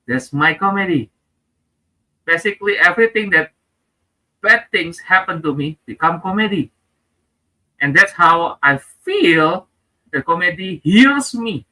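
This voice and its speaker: Brief: male comedian, high bright voice, deliberate pace, animated self-mocking stories. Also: poor audio. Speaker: comedian guest. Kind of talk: comic storytelling.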